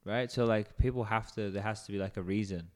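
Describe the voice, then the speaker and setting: A man's voice: fairly low pitch, a little fast. Laid-back man musing aloud. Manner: relaxed, reasoning aloud with fillers. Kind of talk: casual chat.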